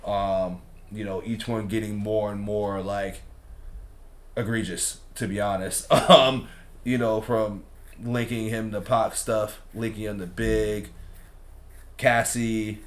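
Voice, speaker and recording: A man's voice: on the low side, level tone, slow pace. A young man hosting a reaction channel, talking in a laid-back, slangy, rambling way. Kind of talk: casual reaction commentary.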